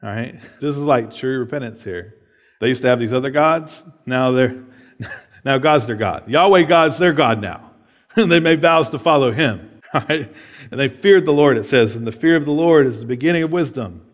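A man preaching in a relaxed, conversational way, often tossing in "right?" and a quick laugh between points. His voice, mid-pitched for a man, rings out with a long hall reverb, as if spoken in a church sanctuary. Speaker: pastor. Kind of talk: sermon.

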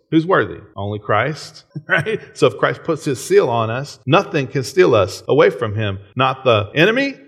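Conversational male preacher, mid-pitched. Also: fairly bright tone. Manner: conversational, frequent "right?" check-ins, chuckles. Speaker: pastor. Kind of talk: sermon.

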